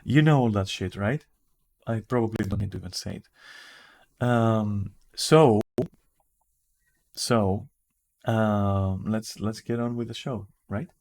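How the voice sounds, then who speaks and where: A man streaming from home with a raspy, just-woken-up voice, rambling casually and swearing now and then. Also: fairly low pitch, darkish tone. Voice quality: raspy morning voice. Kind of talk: casual livestream chat. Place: at home in front of a camera.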